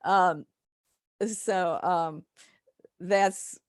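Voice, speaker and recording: A woman's voice: lowish voice, fairly even intonation, very slow, no echo, studio quality. An older woman, a professor, giving a chatty, digressive slide lecture full of fillers and asides.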